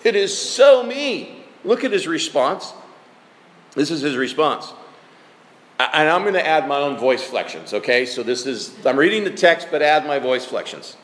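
A man preaching a sermon as pastor, conversational, animated and emphatic. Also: a little high, normal speed. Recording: echoey hall.

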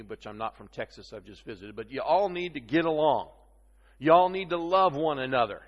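A man's voice: fairly high pitch, dull audio. Man preaching in a reverberant hall. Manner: conversational, teasing, checks in with "okay?". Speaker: pastor. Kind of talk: sermon.

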